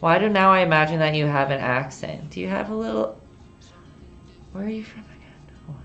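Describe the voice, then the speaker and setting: A young Canadian woman with a low, easygoing voice and a light Canadian accent, guiding viewers step by step through a painting. She chats freely, giggles often and answers comments as she works, with faint music behind her. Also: moderate pace, vocal fry, fairly bright tone, lo-fi sound. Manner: chatty, giggly, reads chat aloud. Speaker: painting instructor. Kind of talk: live-streamed painting lesson chat.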